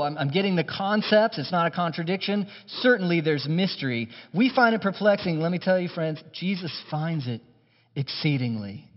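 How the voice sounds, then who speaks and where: Animated preacher in an echoing hall. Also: male voice, a little high. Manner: animated, conversational preaching with humor. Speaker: pastor. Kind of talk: sermon. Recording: muffled hall recording with long reverb.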